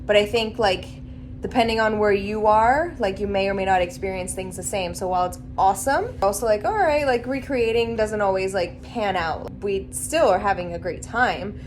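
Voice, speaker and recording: A woman's voice: mid-range voice, normal speed, a little hiss or hum. A woman in her thirties talking casually in a road trip vlog, chatty and reflective with lots of "like". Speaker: vlogger. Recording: music playing underneath.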